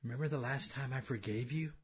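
Holy spirit calling a lost soul home, guy voicing it, soft pleading, husky, lo-fi. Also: medium pitch, fast, lightly acted. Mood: tender. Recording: dull lo-fi sound.

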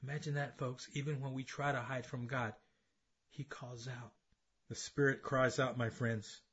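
A man preaching an impassioned sermon, swinging between loud emphasis and hushed intensity, in a dull lo-fi recording. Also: medium pitch, moderate pace, breathy edge. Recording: dull lo-fi sound.

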